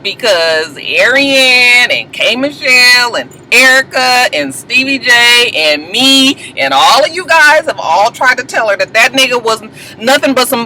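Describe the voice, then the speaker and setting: Chatty woman dishing on a reality show, bright crisp voice, laughs a lot, cusses, super animated. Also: fairly high pitch, slight background noise, poor audio. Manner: animated, laughing often, profane and sassy. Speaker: TV show reviewer. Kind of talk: casual gossipy episode recap.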